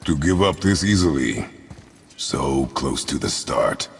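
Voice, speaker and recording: An actor playing a stern, terse warrior father who is a god, with a gravelly voice, speaking in a commanding way. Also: rumbling low, slow pace, exaggerated voice. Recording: reverberant game audio with score.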